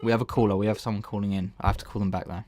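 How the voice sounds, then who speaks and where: A man's voice: on the low side, fairly even intonation, rapid-fire, a little mellow, a little hiss or hum. Rambling man hosting a live stream. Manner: rambling, self-interrupting, laughs often. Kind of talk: casual live-stream chat.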